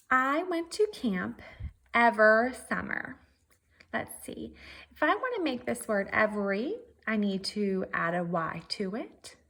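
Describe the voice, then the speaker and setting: Slow, gravelly-voiced woman teacher. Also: mid-range voice, fairly bright tone. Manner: methodical, thinking aloud step by step. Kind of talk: virtual writing lesson.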